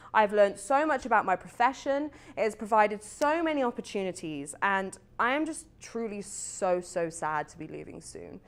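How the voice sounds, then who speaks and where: A woman's voice: a little high, background noise. A young British woman hosting a casual student chat show, chatty and self-mocking, with ums and little laughs. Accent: British English. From Britain. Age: young adult. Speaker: talk show host.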